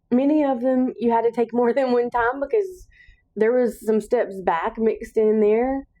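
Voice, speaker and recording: A woman's voice: on the high side, darkish tone, dull audio. A woman hosting a solo podcast, speaking in an earnest, encouraging monologue with emphatic repetition. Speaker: podcast host.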